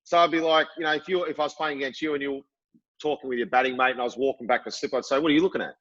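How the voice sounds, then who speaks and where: A middle-aged man as a podcast guest, telling lively stories and acting out what people said. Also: medium pitch, racing, muffled recording. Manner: lively storyteller, acts out quotes. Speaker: guest, former cricketer. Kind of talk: casual interview chat.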